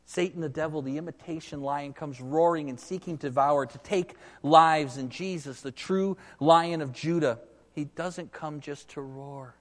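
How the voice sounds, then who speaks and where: A man preaching a sermon in an earnest, emphatic way, slowing down to press key points. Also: on the high side. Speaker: pastor. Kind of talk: sermon with storybook reading. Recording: echoey hall with long reverb.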